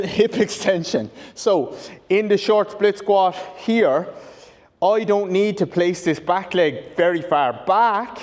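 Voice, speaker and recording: A male rehab coach with a slightly high voice walks through an exercise, explaining each cue and often restarting his sentences to fix them. His voice rings with a long reverb from a large training room. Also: lively intonation, measured pace, a little mellow. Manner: explanatory, restarts and corrects himself. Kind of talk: instructional demonstration.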